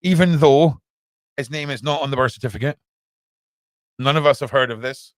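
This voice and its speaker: An animated British man hosts a casual news podcast from a small room under his stairs. He rambles and keeps asking listeners if they agree, in a mid-pitched voice. The sound is close and dry. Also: moderate pace, dry recording. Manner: animated and rambling, full of rhetorical questions. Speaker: podcast host.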